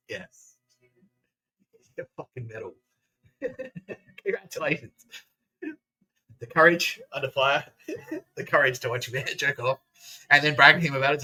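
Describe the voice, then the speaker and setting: Male podcast host, bright edgy tone, profane sarcastic rant with laughs. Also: medium pitch, huge pitch swings, a little slow, pauses often, low-quality recording. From Australia. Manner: profane, sarcastic, laughs through his words. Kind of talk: casual ranting monologue.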